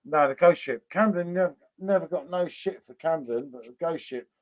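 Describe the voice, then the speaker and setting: Blokey high-voiced man hosting a stream. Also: moderate pace, dry recording. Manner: matey, blokey, swears freely. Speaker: livestream host. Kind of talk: casual live-stream banter.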